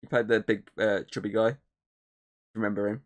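A man's voice: on the low side, level tone, moderate pace. A man co-hosting a podcast, rambling through a film recap with lots of fillers and swearing. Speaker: podcast co-host. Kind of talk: casual podcast chat.

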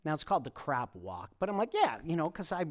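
Lively, animated male pastor. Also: on the high side, fast. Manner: animated storytelling, chuckling, frequent restarts. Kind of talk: conversational sermon with personal stories. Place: church service.

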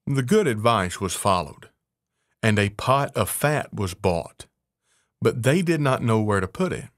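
Man narrating a fairy tale, slow and low, dry close sound. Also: expressive, dry recording.

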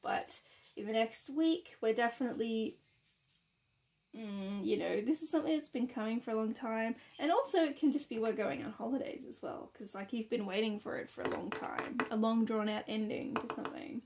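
A woman's voice: fairly high pitch, normal speed, a little mellow. A woman giving a casual, reassuring tarot reading to camera, chatty and rambling with many fillers. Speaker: tarot reader.

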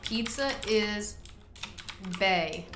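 A young woman giving excitable, reactive commentary while playing a video game, yelling at wins and groaning at losses. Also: mid-range voice, very slow, reverberant, music in the background. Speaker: gaming video creator.

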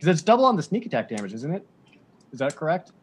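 A man playing a tabletop game, describing his character's moves in an excitable, rambling way full of fillers. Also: a little high, fast, a little hiss or hum. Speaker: player. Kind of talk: casual tabletop play.

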